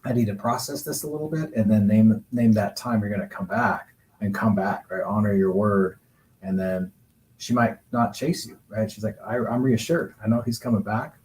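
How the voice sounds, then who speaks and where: A male counselor gives relationship advice in a measured, reflective way. His voice sits a little low, and he takes his time explaining each point. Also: a little mellow, a little hiss or hum, low-quality recording. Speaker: guest counselor and coach. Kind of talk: calm advice-giving talk.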